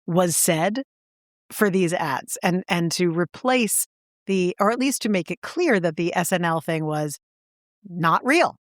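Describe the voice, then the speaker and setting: A woman co-hosting a podcast, chatting and telling stories with animated impressions. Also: on the low side, unhurried, no room sound, studio quality. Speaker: podcast co-host. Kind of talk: casual chat.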